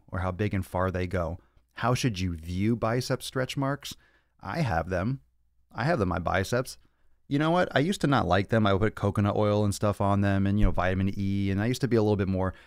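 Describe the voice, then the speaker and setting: A deep male voice, dryly recorded, belongs to a young man hosting a fitness podcast livestream. In this casual Q&A he answers viewer questions from his home studio, equipped with monitors and cameras, while joking around brashly and profanely.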